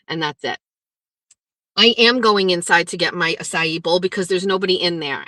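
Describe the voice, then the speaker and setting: A woman's voice: fairly low pitch, bright, forceful tone, no echo. A middle-aged woman hosting a casual livestream, talking bluntly with plenty of swearing as she rants and reads viewer comments. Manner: blunt and profane, ranting then chatty. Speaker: livestream host.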